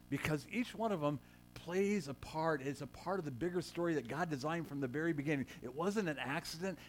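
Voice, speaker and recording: Man preaching with a slightly high voice. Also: a little hiss or hum. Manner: conversational preaching, rising to emphatic quotes, joking with the congregation. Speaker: pastor. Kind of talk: sermon.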